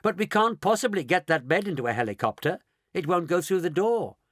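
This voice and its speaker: A man voicing an eccentric, brisk chocolate maker who hurries everyone along in a storybook reading. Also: high voice, very animated, dry recording, studio quality. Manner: brisk and theatrical.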